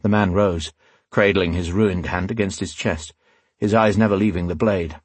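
A man reads a fantasy novel aloud in a steady, even storytelling voice. His voice is low and slightly husky. The recording is dry and close, with no room sound. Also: normal speed, no echo. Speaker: narrator. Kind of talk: audiobook narration.

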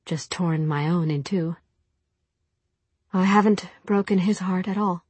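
A woman narrator voicing a young woman who speaks quietly and earnestly, drained and remorseful. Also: lowish voice, unhurried, breathy edge, no room sound. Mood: gentle.

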